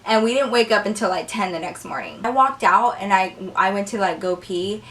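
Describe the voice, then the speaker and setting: A young woman telling a story in a casual, animated way, cursing freely and saying "like" a lot. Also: medium pitch, a little fast, far from the mic. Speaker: vlogger.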